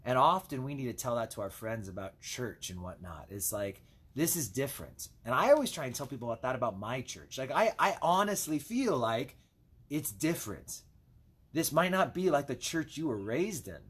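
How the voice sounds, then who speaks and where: A man's voice: medium pitch, big pitch swings, moderate pace, fairly bright tone, breathy edge. A man as a pastor, giving a casual Bible devotional with chatty asides while he reads scripture.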